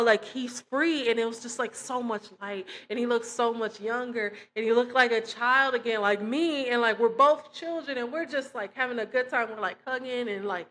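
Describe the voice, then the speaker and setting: Young woman telling her story, fairly high voice, lots of "like", acts out what people said. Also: slight background noise. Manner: animated storytelling with many fillers, acting out quoted dialogue. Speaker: testimony speaker. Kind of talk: casual spoken testimony.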